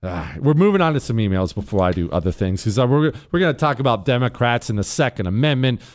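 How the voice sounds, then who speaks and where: A man's voice: medium pitch, lively intonation, quick pace, a little mellow. A man hosting a talk show, speaking in a heated, emphatic and mocking way. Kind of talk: opinionated political talk.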